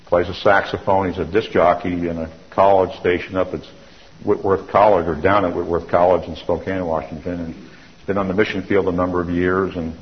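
A man's voice: low voice, little pitch movement, a little fast. A middle-aged man giving a testimony sermon, an earnest storyteller who often restarts and repeats himself. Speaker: church speaker giving testimony. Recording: dull lo-fi recording.

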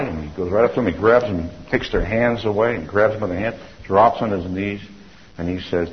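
Speaking fairly quickly in a lowish voice, a middle-aged church speaker tells his testimony earnestly, often starting over and repeating himself. The lo-fi recording is dull, with slight background noise.

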